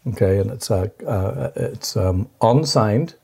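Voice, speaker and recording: Speaking slowly in a fairly low, creaky, warm voice with a breathy edge, a man co-hosts a podcast in casual conversation. He rambles and gets distracted, starting his sentences over again and again.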